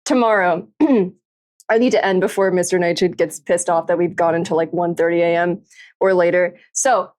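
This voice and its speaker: A woman's voice: fairly low pitch, steady tone, moderate pace, darkish tone. A woman livestreamer chatting casually late at night, tired and a little tipsy, giggling often and swearing freely as she rambles. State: tired and tipsy after drinking.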